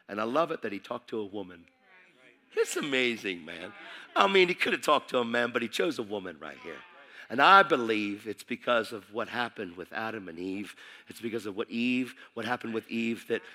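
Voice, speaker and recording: A man preaching a sermon, passionate and emphatic, repeating phrases and swinging from hushed to shouting. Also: mid-range voice.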